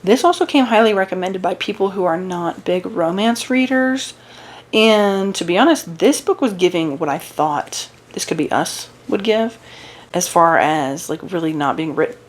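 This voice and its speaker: A woman's voice: fairly low pitch, animated, normal speed. A young woman chatting casually about a book while crocheting, talking in a rambling way with fillers and restarts, her voice wearing out. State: losing her voice. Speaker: book vlogger.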